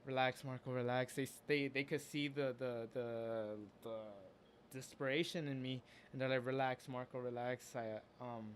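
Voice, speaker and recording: This medium-pitched male voice sounds a bit bright, with a little hiss or hum in the background. He's a storyteller sharing a personal experience in a casual, earnest, open way, speaking haltingly with frequent restarts and fillers.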